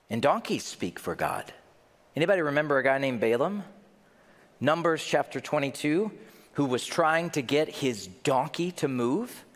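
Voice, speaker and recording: Man preaching, lively swooping voice, long hall echo, rhetorical questions. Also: fairly high pitch. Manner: jokes with the congregation. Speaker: pastor. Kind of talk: sermon.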